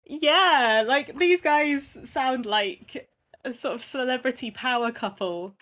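A woman co-hosting a casual chat, giggling often and filling pauses with ums. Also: high voice, a bit bright. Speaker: podcast co-host.

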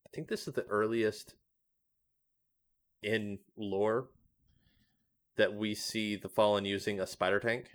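A man's voice: fairly low pitch, steady tone, unhurried, pauses often. A man discussing story lore casually on a podcast, hesitating often with ums. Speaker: podcast co-host.

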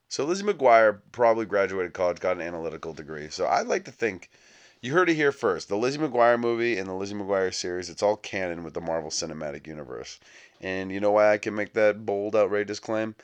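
A man's voice: low voice, lively intonation, a little fast. A young adult man hosting a comedic movie podcast, riffing sarcastically and acting out little scenes. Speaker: podcast host.

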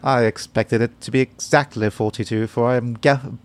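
A man's voice: medium pitch, steady tone, normal speed. A man co-hosting a casual podcast, joking and laughing often. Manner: playful, jokey, laughs often. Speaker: podcast co-host. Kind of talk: casual chat.

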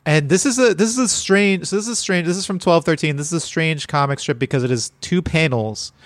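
A man's voice: a little high, brisk, no room sound. A man co-hosting a casual podcast chat, laughing often and stumbling through descriptions of comic strips. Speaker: podcast co-host.

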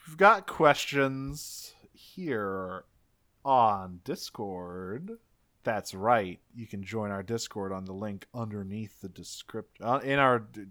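A man co-hosting a podcast in relaxed casual chat, his voice bright and forceful. He recaps with easy laughs and acts out quotes. The tone is clear and crisp. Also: medium pitch. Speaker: podcast co-host.

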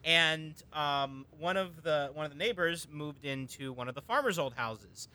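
A man's voice: a little high, measured pace, sharp tone. A man telling a long, rambling personal story in a casual chat, full of ums and restarts.

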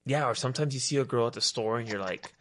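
A man's voice: medium pitch, fast. A young man, rambling in casual chat, heavy on "like" and "dude".

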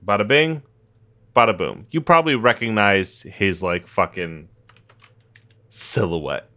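Lively bright-voiced man, laughing and swearing. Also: lowish voice, takes it slowly. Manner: profane, laughing, animated storytelling. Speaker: podcast co-host. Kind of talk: casual comedic chat.

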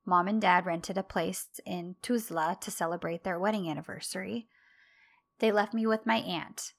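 A woman's voice: fairly low pitch, normal speed, gravelly. A woman co-hosting a podcast, chatting casually and animatedly as she retells TV scenes and acts out the characters' lines. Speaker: podcast co-host. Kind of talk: casual chat recapping a TV show.

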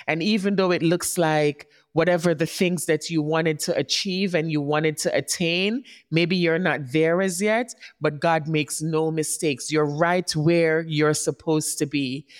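A woman hosting a podcast who gives a heartfelt motivational talk. She speaks straight to her listeners and often checks in with "right?". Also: low-pitched. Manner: warm encouraging, speaks directly to listeners, often asks "right?". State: tearing up. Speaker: podcast host.

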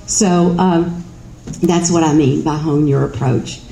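Speaking slowly in a steady, creaky, low and mellow voice, a middle-aged Kentucky woman with a Southern accent tells stories at an event. Her manner is chatty and self-mocking, and the hall's roomy sound carries a faint ambient hum.

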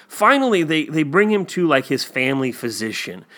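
A man's voice: fairly high pitch, sing-song, normal speed, fairly bright tone. A man co-hosting a casual talk about a TV episode, telling stories with many fillers and acting out the quotes. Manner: rambling storyteller, many fillers, acts out quotes.

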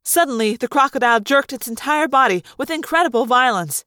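A woman narrating a first-person novel with dramatic, animated delivery. Her voice swings widely in pitch and sits on the high side. The recording is dry and close, with no room sound. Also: a little fast, no echo. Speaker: audiobook reader.

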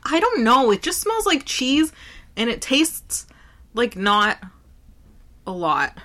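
A woman's voice: fairly high pitch, big pitch swings, slow, bright, forceful tone. A woman co-hosting a casual chat, blunt and emphatic with strong opinions.

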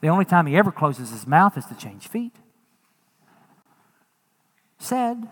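A man preaching a sermon as a pastor, folksy and animated, acting out quotes and dropping jokes. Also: high voice, unhurried, pauses often, in a large hall.

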